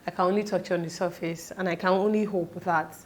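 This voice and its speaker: Tearful woman, halting and emotional. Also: on the low side, steady tone. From Nigeria. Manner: tearful, halting, fighting back tears. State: close to crying. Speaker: vlogger. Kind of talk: emotional personal vlog.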